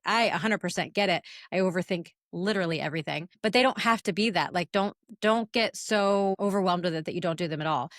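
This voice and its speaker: A woman in her forties co-hosting a casual business podcast, chatty and animated as she tells stories. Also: fairly low pitch, fast talker, few pauses, no room sound, studio quality. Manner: storytelling, chatty, animated retellings. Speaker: podcast co-host.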